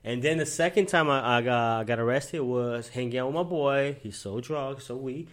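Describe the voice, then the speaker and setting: A young man from Miami hosts a casual podcast in a mid-range, fairly bright voice at a moderate pace. He tells street stories laced with profanity, acting out people's lines as he goes.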